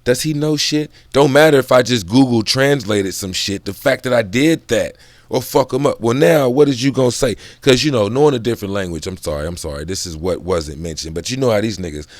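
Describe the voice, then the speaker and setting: A man's voice: medium pitch, expressive, a little fast, no echo. A man in casual, profane book commentary, drifting off on tangents and laughing between thoughts. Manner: loose, profane, digressive talk.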